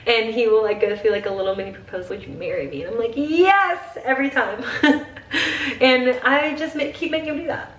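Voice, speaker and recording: A woman's voice: a little high, steady tone, fairly quick, reverberant, recorded from a distance. A young woman in her twenties chatting while getting ready, gushing and saying "like" constantly, teary at times. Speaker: vlogger. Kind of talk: get-ready-with-me chat.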